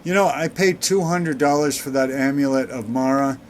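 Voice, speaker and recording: A man giving sarcastic, deadpan commentary while playing a video game. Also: mid-range voice, moderate pace, a little hiss or hum. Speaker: let's play gamer. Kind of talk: gameplay commentary.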